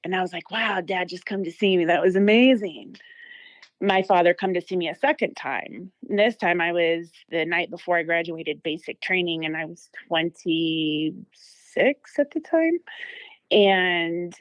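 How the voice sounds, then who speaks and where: A woman's voice: lowish voice, a little slow, no echo. A woman in her thirties telling an emotional personal story as an interview guest, with many fillers and restarts.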